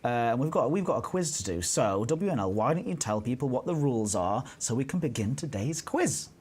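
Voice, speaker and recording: A man's voice: mid-range voice, expressive, brisk, a little mellow, slightly rough. A man hosting a casual live stream, playful and teasing, rambling with restarts. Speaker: stream host.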